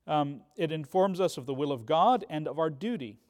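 A man's voice: on the high side, lively intonation, normal speed, a little mellow. Male teacher, conversational church class lecture, lots of ums, long hall reverb. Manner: conversational, frequent ums and "right?".

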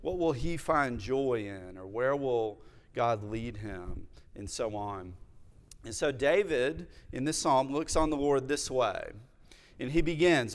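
A pastor in his thirties delivers a sermon in a smooth, resonant voice of ordinary pitch. He speaks in a measured, reflective way and weaves in personal stories. His words trail into the long echo of a large church hall. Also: lively intonation.

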